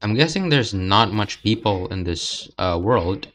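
A man's voice: lowish voice, expressive, measured pace, a bit bright, faint music behind. A young man casually commenting while playing a video game, rambling and hesitant with lots of filler words. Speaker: let's play host.

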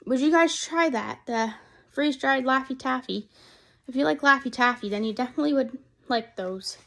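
A young woman with a fairly high voice chats casually in a taste-test vlog, rambling and giggly. She sounds slightly hoarse, as if losing her voice, talking indoors at home. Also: moderate pace, a bit bright. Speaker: vlogger.

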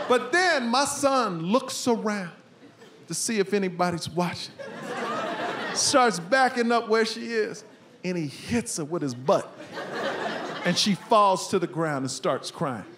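Animated high-voiced male stand-up comic. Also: slow, long pauses. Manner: animated, acts out family scenes, bursts into shouts. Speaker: stand-up comedian. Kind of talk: stand-up comedy set. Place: comedy club stage with live audience. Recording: live room with steady ambience noise.

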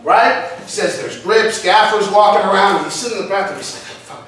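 A man's voice: sits high, fairly quick, a bit bright. A man, an acting teacher, telling a profane story in a casual way to a class, acting out his friends' voices. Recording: echoey room, far from the mic.

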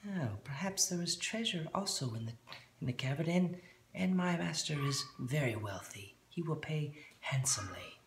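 A man voicing a scheming male gnome messenger in a slow, breathy, high half-whisper. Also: expressive, fairly bright tone, echoey room, a little hiss or hum. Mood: secretive.

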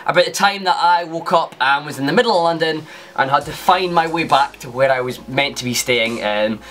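A man's voice: fairly high pitch, a little fast, a bit bright. A young Scottish man telling a casual, rambling story to camera as a YouTuber, with lots of fillers and restarts.

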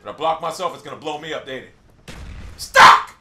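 A man playing a shooter game, raging, cursing and shouting at the game as he plays. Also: a little high, fast, roomy sound, heavy background noise. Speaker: gamer. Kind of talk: angry gameplay commentary.

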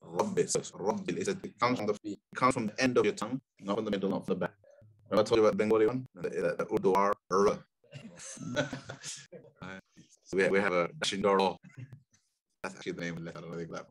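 British man coaching recitation, low voice, brisk, repeats and models each word. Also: fairly even intonation, fairly bright tone, poor audio. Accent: British English. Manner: patient, repeats phrases and models pronunciation slowly. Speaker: tajweed teacher.

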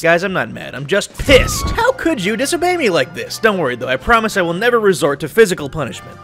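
A young man giving comedic gameplay commentary, deadpan and ironic, breaking into sudden loud outbursts. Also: high-pitched, fast talker, few pauses, soft background music. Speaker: gaming YouTuber.

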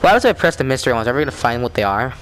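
A man talking through a virtual reality horror game, with excitable, jumpy reactions and rambling asides. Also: mid-range voice, rapid-fire. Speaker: gamer. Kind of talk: let's play commentary.

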